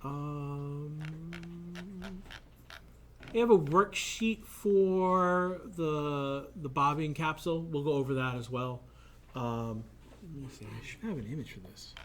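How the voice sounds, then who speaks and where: A man's voice: a little high, slow, long pauses, background noise. Man giving an informal coding lecture. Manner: informal, thinks aloud and repeats himself while explaining; blunt about tools he dislikes. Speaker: college game development instructor. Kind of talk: recorded classroom lecture.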